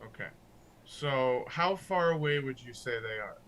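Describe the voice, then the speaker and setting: Bright-voiced man playing a tabletop game. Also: mid-range voice, animated, measured pace, slight background noise. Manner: chatty, swears casually, restarts often. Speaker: player. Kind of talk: casual tabletop game play.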